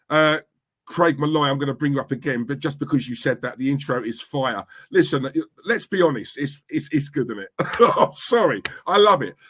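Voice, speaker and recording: A man hosting a casual live stream, chatting and shouting out viewers by name. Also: mid-range voice.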